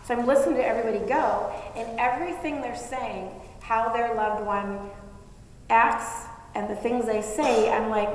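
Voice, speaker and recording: A woman's voice: fairly high pitch, normal speed. A woman telling a personal story to a live audience in a chatty, self-mocking way. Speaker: speaker at a live event. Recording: echoey hall with faint noise.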